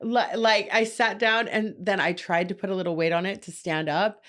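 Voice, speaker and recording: A woman's voice: medium pitch, fairly even intonation, normal speed, fairly bright tone. A young woman co-hosting a podcast, telling stories in casual, profane chat and laughing often. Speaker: podcast co-host.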